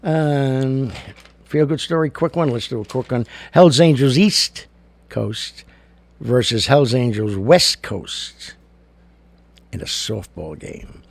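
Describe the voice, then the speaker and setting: Gravelly, blunt older talk-show host. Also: male voice, mid-range voice, slow, no room sound. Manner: gravelly, blunt and chatty, with many fillers. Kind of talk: casual talk-show monologue with jokes and opinion.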